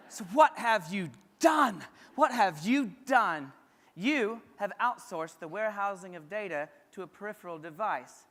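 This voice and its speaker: A man's voice: sits high, a bit bright. A man giving a motivational keynote at a conference, punchy and rousing, speaking straight to the audience. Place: large conference hall. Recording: long hall reverb.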